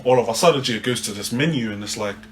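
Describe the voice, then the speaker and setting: A man's voice: mid-range voice, fast talker, slight background noise. A young man, casually telling a story on a podcast, swearing often and ending phrases with "eh". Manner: swears a lot, animated, ends phrases with "eh". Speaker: podcast co-host.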